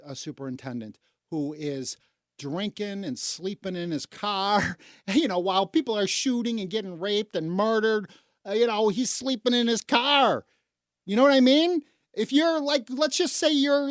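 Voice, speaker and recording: A woman's voice: dry recording, clean studio sound. Indignant woman from Chicago ranting on air. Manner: indignant, sarcastic, swings from low mutters to loud outbursts. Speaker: radio talk show host. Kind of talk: opinionated talk radio rant.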